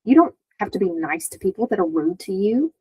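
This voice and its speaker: Woman doing a needling older guy, sarcastic and blunt, a touch husky, lightly sketched inside a story. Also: medium pitch, lively intonation, a little fast, dark tone. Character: sarcastic older man, provocative teacher.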